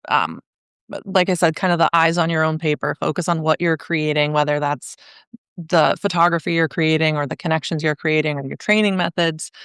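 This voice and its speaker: A woman with a lowish, smooth, clear voice talks casually as a podcast guest. She rambles a little, leaning on "like" and "um" as she thinks aloud. The sound is dry and close to the mic. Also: a bit bright, no room sound. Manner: chatty, many "like" and "um" fillers, laughs easily. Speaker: podcast guest, show jumping photographer. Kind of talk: casual conversational interview.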